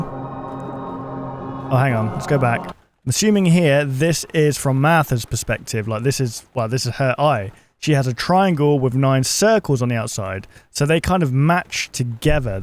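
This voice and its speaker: A man's voice: medium pitch, heavy reverb, distant mic. Joking man reacting to a video. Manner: joking, exclamatory. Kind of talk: casual reaction commentary. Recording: video soundtrack music playing behind.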